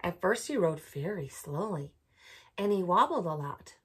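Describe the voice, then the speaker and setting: A woman storyteller reading a picture book aloud for a bedtime program, gently asking children questions as she goes. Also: lowish voice, lively intonation, a little slow, slightly rough.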